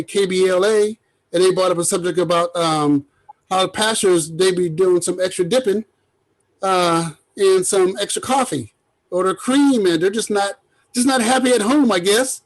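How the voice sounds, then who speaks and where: Chatting with his cousins on their laid-back podcast, this male host wanders through the conversation full of fillers. He has a high-sitting voice, captured on poor audio.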